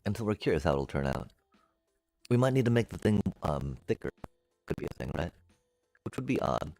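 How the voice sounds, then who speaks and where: A man streaming a building game, musing aloud to his chat in a relaxed way and making playful beep-boop noises as he works. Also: sits low, fairly quick, creaky, no echo, faint music behind. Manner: chatty, musing aloud, makes beep-boop sound effects. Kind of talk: casual gameplay commentary to live chat.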